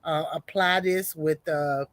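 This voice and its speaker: A woman chatting casually on a homestead livestream, greeting viewers and reading a product label aloud haltingly. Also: low-pitched, steady tone, a bit bright, no echo.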